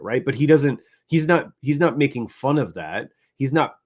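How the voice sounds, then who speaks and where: A man with an ordinary mid-range voice co-hosts a casual panel discussion. He talks at length and argues analytically. He keeps ending his points with a quick "right?". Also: mid-range voice. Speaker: co-host.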